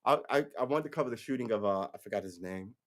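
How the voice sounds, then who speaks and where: A man's voice: fairly low pitch, expressive, fast. A man hosting his own podcast, talking off the cuff in a blunt, rambling way, with frequent restarts and some swearing. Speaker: podcast host. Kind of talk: casual solo livestream commentary.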